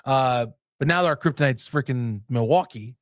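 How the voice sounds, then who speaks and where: A man's voice: mid-range voice, moderate pace, no room sound, studio quality. A man in casual sports podcast talk, rambling and self-interrupting, laughing often.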